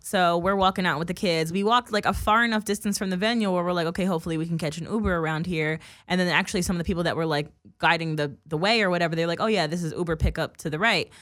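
A woman's voice: on the low side, fairly bright tone, dry recording, clean studio sound. A young woman telling a heated story on a casual podcast, cursing freely. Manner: fast-talking. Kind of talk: casual chat.

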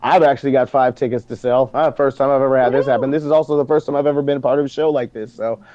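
Fast-talking musician guest. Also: male voice, mid-range voice, dry recording, dull audio. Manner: fast, animated, candid talker. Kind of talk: casual chat.

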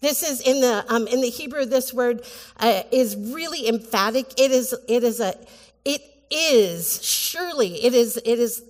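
A woman pastor giving a sermon in an earnest, halting way, with frequent restarts. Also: fairly high pitch, darkish tone. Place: church sanctuary. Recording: church hall with long reverb.

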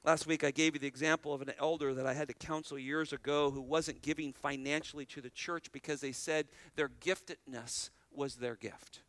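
Bright-voiced man preaching. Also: on the high side, moderate pace, few pauses, no room sound. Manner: animated preaching, restarts and repeats phrases, laughs between points. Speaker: pastor. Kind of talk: sermon.

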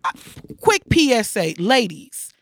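A woman's voice: fairly high pitch, very animated, slow pace, fairly bright tone, no echo, clean studio sound. A woman co-hosting casual banter, blunt and profane, talking with heavy emphasis. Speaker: co-host.

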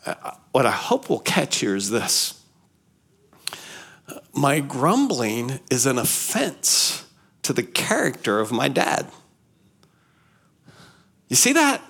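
A male pastor preaching a sermon in an animated way, asking rhetorical questions and repeating key phrases. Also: medium pitch, takes it slowly, vocal fry, long pauses, husky.

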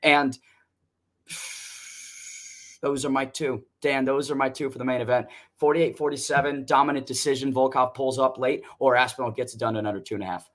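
A man talks through his fight picks in a loose, confident way, swearing freely. His voice sits at an ordinary middle pitch. He sounds like a co-host on a casual sports podcast. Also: fairly even intonation, brisk. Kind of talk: casual sports predictions chat.

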